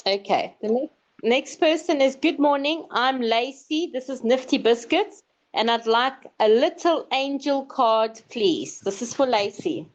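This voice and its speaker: A woman's voice: sits high, lively intonation, a little slow. A woman reading viewers' questions aloud on a live stream, hesitant and stumbling over names. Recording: dull lo-fi stream audio.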